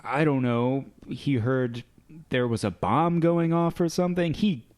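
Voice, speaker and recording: A man's voice: mid-range voice, measured pace, darkish tone, no room sound. Man, podcast co-host, casual film recap; wry, acts out the characters, everyday mid-range voice.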